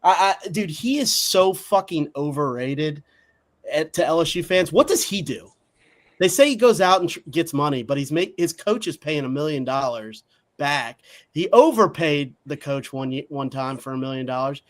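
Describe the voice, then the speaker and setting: A man's voice: fairly high pitch, animated, moderate pace. A man co-hosting a sports talk show, talking in a crude, blunt, mocking way. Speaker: podcast co-host.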